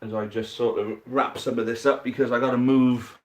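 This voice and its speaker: Excitable man calling a dice match. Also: mid-range voice, fairly quick, slight background noise. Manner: excitable commentary, rising at big moments, addressing viewers as mate. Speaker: host commentating a dice football game on a stream. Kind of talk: live game commentary and chat to viewers.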